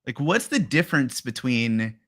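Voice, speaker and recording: A man's voice: medium pitch, sing-song, moderate pace, a bit bright. A man hosting a live coding stream in an upbeat, joking, casual way. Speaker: stream host.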